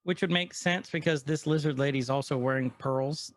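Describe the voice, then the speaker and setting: A man with a voice on the high side co-hosts a casual podcast, recapping an episode at a moderate pace. He retells it with energy, quoting the characters along the way. The recording is dry and studio quality.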